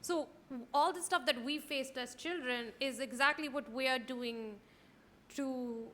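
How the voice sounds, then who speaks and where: A young woman co-hosting a podcast, chatting casually with plenty of "like" and quick agreement. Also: sits high, a bit bright. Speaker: podcast co-host.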